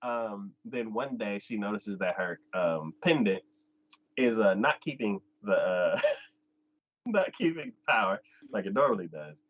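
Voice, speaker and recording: This anime podcast host is animated but talks a little slowly while retelling an episode in casual conversation. He pops into squeaky high-pitched voices for the characters and laughs frequently, over dull-sounding audio.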